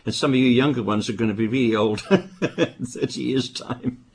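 An older man from Britain preaching a sermon, with emphatic bursts and quieter asides. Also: medium pitch, normal speed. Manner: emphatic, rising to stress warnings, then dropping to asides.

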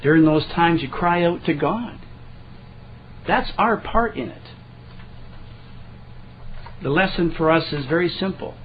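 A man with a fairly high voice preaches in a relaxed, folksy way. He stumbles over and repeats his words, then slows down to read scripture. The recording is dull and lo-fi. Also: slight background noise. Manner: folksy, repeats and restarts words, reads scripture slowly, clears throat often. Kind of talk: conversational sermon.

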